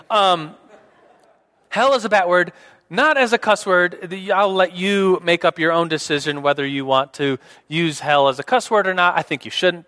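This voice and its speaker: Young male preacher, casual and rambling, high voice, long hall reverb. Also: fairly bright tone. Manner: casual, rambling, many fillers and restarts. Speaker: pastor. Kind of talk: sermon. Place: church hall.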